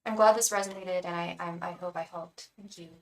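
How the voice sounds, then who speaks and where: Her voice is on the low side, brisk and fairly even in intonation, captured from far away in an echoey room. A tarot reader and psychic on a livestream, she talks casually and encouragingly to viewers, with repeated words and many fillers.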